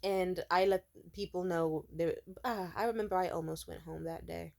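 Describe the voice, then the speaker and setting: Low-voiced woman ranting casually. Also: steady tone, moderate pace, vocal fry, darkish tone. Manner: rambling, profane, many "like" fillers. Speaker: vlogger. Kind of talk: casual storytelling rant. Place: at home, sitting.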